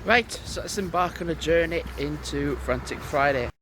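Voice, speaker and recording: A man's voice: on the high side, moderate pace, background noise. A man vlogging casually while out on a walk, out of breath and sighing often as he rambles. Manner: rambling, chatty, sighs often. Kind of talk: casual vlog chat while walking. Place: outdoors on a walk. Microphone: phone held while walking.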